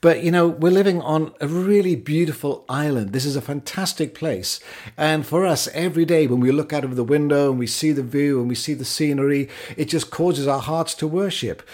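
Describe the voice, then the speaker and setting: A middle-aged man from Britain calmly narrating his own Christian life story in a measured, reflective way. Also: on the high side.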